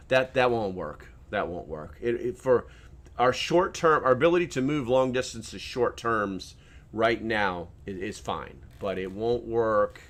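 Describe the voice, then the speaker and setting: A man hosting his own channel, talking casually in a rambling, sarcastic way with many restarts. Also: lowish voice. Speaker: channel host. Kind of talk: casual vlog commentary.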